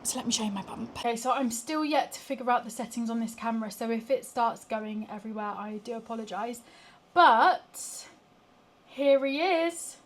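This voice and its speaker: Chatting to a small handheld gimbal camera, a young pregnant woman from Britain vlogs at home and while walking outside, slipping in self-deprecating remarks. Her voice is a little high at a normal speed, with a little hiss or hum in the audio.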